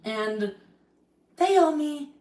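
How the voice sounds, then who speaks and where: A woman's voice: sits high, animated, very slow, a little mellow, far from the mic. A young adult woman on a live stream, ranting in a heated, profane and rambling way. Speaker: livestreamer. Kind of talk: angry live-stream rant. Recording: roomy echo, voice off-mic.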